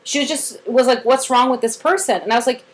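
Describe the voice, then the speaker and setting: A woman trainer casually explains a therapy method in a rough recording, talking briskly in a voice on the high side. She tells it like an animated story, acting out quotes, using lots of "like," and bursting into cheerful spoken praise.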